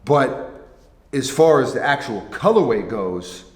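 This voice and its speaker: In an unhurried, medium-pitched voice with lively intonation, a man rambles casually on his sneaker vlog, full of jokes and restarts. The room adds a long, echoing reverb.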